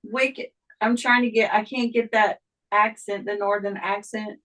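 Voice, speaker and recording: A woman's voice: mid-range voice, little pitch movement, fairly bright tone, rough recording. A woman chatting as a guest on a sewing livestream, hesitant and full of ums. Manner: slow, hesitant, with many ums. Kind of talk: casual chat.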